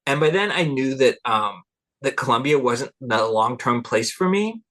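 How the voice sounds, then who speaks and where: A man's voice: medium pitch, lively intonation, moderate pace, a bit bright. A middle-aged man, a cultural anthropologist guest, telling rambling stories in an interview, laughing often and acting out what people said. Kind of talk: relaxed interview storytelling.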